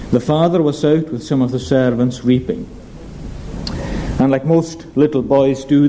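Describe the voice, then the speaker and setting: A male pastor preaching a sermon in an earnest, measured way, slowing down on emphatic phrases. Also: a little high, dark tone, low-quality recording.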